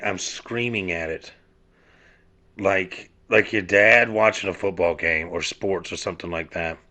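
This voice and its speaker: A man's voice: low voice, pushed and bright. A man from South Georgia, hosting a casual podcast monologue, rambling and swearing with many fillers and restarts. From South Georgia, USA. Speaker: podcast host.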